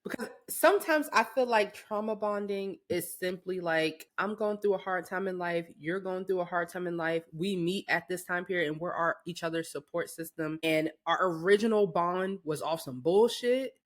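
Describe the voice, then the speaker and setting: A pregnant young woman chats on a podcast, her voice sitting on the low side. She tells family stories with lots of energy. She acts out everyone's lines and swears freely. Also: moderate pace, hardly any pauses. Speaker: podcast co-host. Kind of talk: casual chat.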